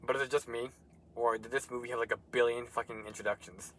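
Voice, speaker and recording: A man's voice: medium pitch, fairly even intonation, quick pace, fairly bright tone, a little hiss or hum. A man co-hosting a casual movie review chat, ranting and swearing a lot. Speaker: co-host.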